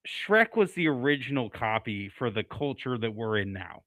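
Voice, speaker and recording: A man's voice: mid-range voice, expressive, moderate pace, a bit bright, no echo. A man co-hosting a casual movie talk show, thinking aloud with many fillers. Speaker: co-host. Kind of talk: casual chat.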